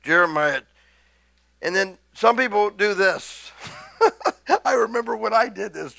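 Middle-aged preacher guy, high gravelly voice, gets all fired up then drops real quiet. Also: a little slow, pauses often, dry recording. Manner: excitable, swinging from hushed to shouted scripture. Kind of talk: sermon.

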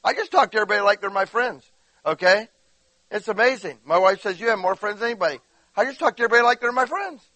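A man's voice: high-pitched, quick pace, dry recording, low-quality recording. A man preaching a sermon, telling stories in a conversational way and acting out the quotes, often asking the listeners questions. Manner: animated storytelling, acts out quotes; conversational, addresses listeners directly. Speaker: pastor.

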